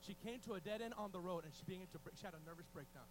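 A man preaching a sermon in a strikingly high voice, excitable and full of restarts. He shifts between loud outbursts and near-whispers. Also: very fast, background noise. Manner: excitable, restarts often, swings from shouting to hushed.

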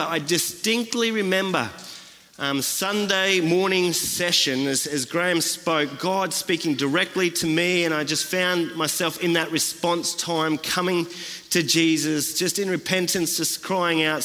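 A man's voice: on the high side, bright, forceful tone. A man preaching a sermon as a guest speaker, earnest and repeating phrases for emphasis. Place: church. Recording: long church reverb.

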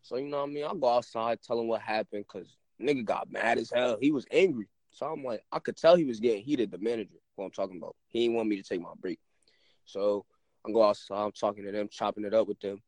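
A man's voice: on the low side, fast, a little mellow, no room sound. A young man telling a story in casual chat, laid-back and rambling, often restarting his sentences.

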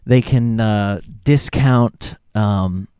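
A man's voice: lowish voice, drawn-out words, warm tone, clean tone, dry recording, clean studio sound. A man from Florida chatting casually, hesitant and often restarting his sentences. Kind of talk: casual chat.

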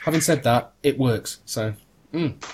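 A man's voice: mid-range voice, measured pace, darkish tone, slight background noise. A man hosting a casual podcast chat, rambling and joking with plenty of fillers and restarts over a video call. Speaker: podcast host.

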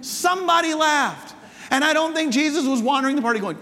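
Male pastor, conversational sermon, high voice, long hall reverb. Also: lively intonation, fairly quick, bright, forceful tone. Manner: conversational, asks rhetorical questions. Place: church hall with congregation.

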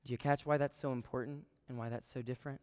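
A man giving a preaching talk to students as a campus ministry speaker, telling stories with sudden swings between hushed and loud. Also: medium pitch, steady tone, fast, clean tone. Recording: long reverb of a large hall.

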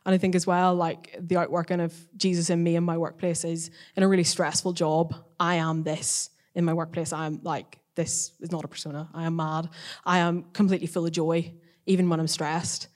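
A woman's voice: lowish voice, flat delivery, brisk. Chatty young woman telling a story. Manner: chatty, many fillers and quoted dialogue. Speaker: student social worker sharing testimony. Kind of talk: casual spoken testimony.

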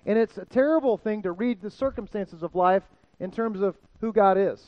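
High-voiced preacher man, animated. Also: moderate pace, lo-fi sound. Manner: energetic, calls out to the congregation. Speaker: pastor. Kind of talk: sermon.

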